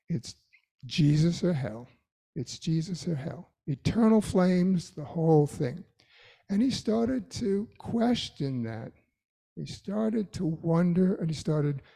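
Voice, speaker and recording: A man's voice: high voice, gravelly, dark tone. A man giving an earnest, emphatic sermon-style talk to a live audience, repeating phrases for weight. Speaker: speaker addressing a live audience.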